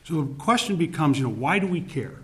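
A man giving formal testimony to a legislative committee, speaking deliberately and emphatically, stressing key words, with frequent "uh" fillers. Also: fairly high pitch, sing-song, a bit bright.

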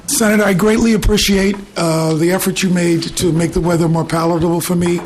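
A middle-aged man testifying before a committee, speaking in a measured, courteous and explanatory way into a table microphone in a hearing room. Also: sits high, steady tone, darkish tone. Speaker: invited presenter, program team leader. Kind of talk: formal testimony.

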